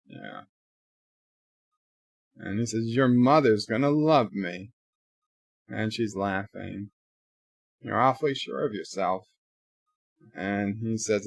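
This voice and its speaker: A man's voice: lowish voice, vocal fry, no room sound. A man giving a casual live reaction to a TV episode, retelling the plot with quoted lines and offhand asides. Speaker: show reviewer.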